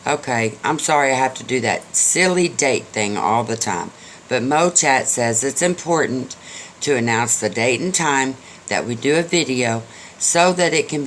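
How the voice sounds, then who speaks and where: A man's voice: mid-range voice, a bit bright, a little hiss or hum. An older man telling a folksy story to the camera in a chatty, joking way. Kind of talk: casual storytelling.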